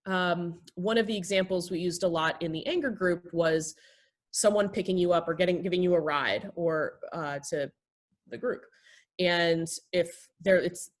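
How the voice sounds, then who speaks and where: A woman therapist and pastor teaches the basics of calm communication. She acts out short everyday exchanges to show her points. Her voice sits fairly low. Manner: explains with acted everyday examples.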